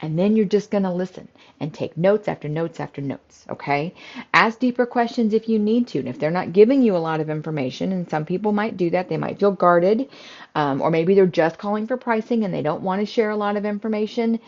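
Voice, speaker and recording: A middle-aged woman who runs a home care business, teaching in a calm, conversational way with frequent fillers. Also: medium pitch, fairly quick. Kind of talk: instructional talk to camera. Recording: slightly dull, lo-fi audio.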